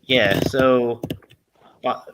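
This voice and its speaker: A man's voice: medium pitch, steady tone, drawn-out words, background noise. A young man from Massachusetts co-hosting a podcast in casual chat, rambling through tangents and laughing often.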